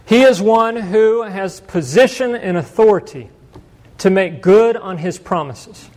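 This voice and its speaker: A middle-aged man preaching a sermon, telling a personal story in a relaxed, self-deprecating way that keeps turning into chuckles. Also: sits high, a little slow. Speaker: pastor.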